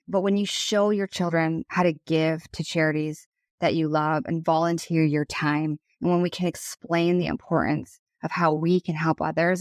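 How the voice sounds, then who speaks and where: A woman's voice: low voice, no room sound, studio quality. A woman in her thirties hosting a solo podcast. She speaks as a financial advisor, earnest and passionate.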